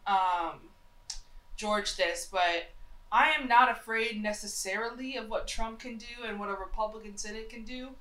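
A young woman talks in a loose, rambling way, full of fillers and restarts, and her voice sounds nasal and stuffed up. Her tone is bright and forceful. The room gives the recording a noticeable echo. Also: medium pitch. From North Carolina. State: nasal from a cold. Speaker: podcast co-host. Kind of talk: casual opinionated chat.

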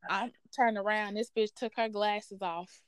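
A woman hosting a podcast, telling a workplace story in a blunt, profane, sassy and animated way. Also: mid-range voice, measured pace, clear, resonant tone. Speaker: podcast host. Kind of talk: casual storytelling rant.

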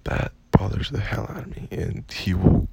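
A young man venting in a casual storytime rant, profane and exasperated, with a gravelly, husky voice. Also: on the low side, moderate pace, very noisy. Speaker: vlogger.

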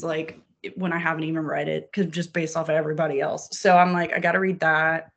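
On a podcast, a New Orleans woman with a fairly low voice chats casually and animatedly, cursing freely and acting out her own reactions as she goes.

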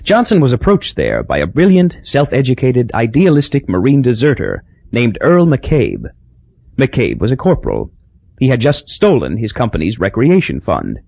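Husky gravelly guy reading a novel, wry and measured, super lively intonation, dry dull sound. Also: mid-range voice, dry recording. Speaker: audiobook narrator. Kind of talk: audiobook narration.

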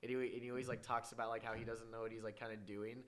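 A man's voice: medium pitch, little pitch movement, racing, fairly bright tone. A young man co-hosting a podcast in casual chat, hesitant and restarting his sentences. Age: young adult. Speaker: podcast co-host.

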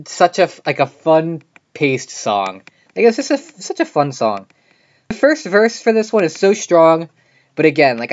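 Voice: mid-range voice, lo-fi sound. A podcast host reviewing an album in a casual monologue, talking loosely with lots of "like" and restarted phrases. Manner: chatty, many "like" fillers and restarts.

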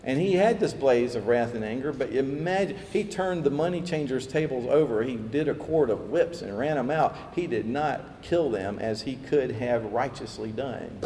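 A man preaching a sermon, lively, acting out quoted voices as he tells the story. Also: medium pitch, normal speed, hardly any pauses, slight background noise. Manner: animated, acts out quoted voices, chuckles. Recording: echoey hall with faint ambience.

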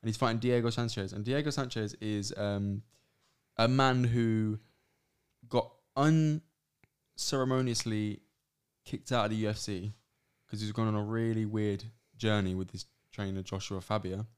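A man co-hosting a podcast in casual chat, quick and joking, reading listener questions aloud. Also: fairly low pitch, fairly even intonation, smooth. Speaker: podcast co-host.

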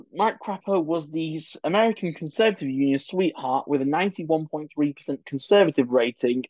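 A man's voice: on the high side, darkish tone, no room sound, lo-fi sound. A man hosting a solo political history podcast, chatty and opinionated, with many digressions and asides. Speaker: podcast host.

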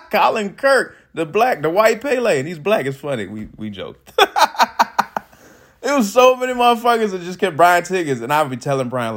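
Man, late 30s, from the Chicago suburbs. Lively, expressive pitch, laughs through a casual vlog story. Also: fairly quick. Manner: animated, laughs often, swings from loud excitement to quiet asides. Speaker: vlogger.

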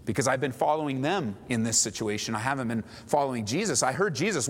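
A man preaching a sermon as a pastor, building to high, emphatic pleas. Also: expressive, fast, few pauses, husky. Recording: long hall reverb, faint background noise.

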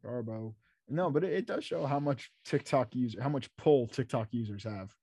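A man's voice: medium pitch, animated, a little fast, dark tone, husky, no echo, clean studio sound. A man co-hosting a casual radio chat, teasing and laughing often. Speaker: co-host.

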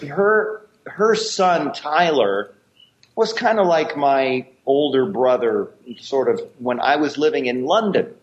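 A man's voice: medium pitch, animated, takes it slowly, slight background noise. Man telling stories, dull lo-fi audio. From United States. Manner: rambling anecdotes with many restarts. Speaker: guest, martial arts actor. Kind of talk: storytelling interview chat.

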